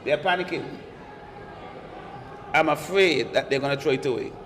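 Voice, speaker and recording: A man co-commentating a live football match, emphatic and repetitive, loud at big moments. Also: on the high side, moderate pace, in a large hall, slight background noise. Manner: emphatic, repeats phrases, gets loud at goals. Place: stadium commentary position.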